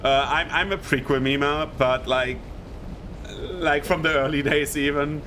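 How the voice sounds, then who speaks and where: A man's voice: fairly high pitch, a little slow, slight background noise. A young man with a German accent, rambling casually and laughing while commenting on his gameplay. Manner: rambling, laughs often, excitable bursts. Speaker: gaming streamer.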